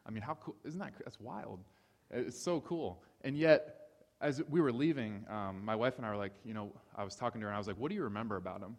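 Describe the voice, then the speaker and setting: A man's voice: mid-range voice, a little fast. Man preaching in an echoing hall. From Ohio. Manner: animated storyteller, repeats key phrases. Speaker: speaker. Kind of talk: sermon-style talk. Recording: reverberant hall.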